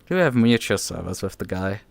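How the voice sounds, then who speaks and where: A man ranting on his live stream, exasperated and swearing, tripping over his own restarts. His pitch jumps around a lot as he vents. The sound is close and dry with no room echo. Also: sing-song, brisk, gravelly. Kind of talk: casual livestream rant.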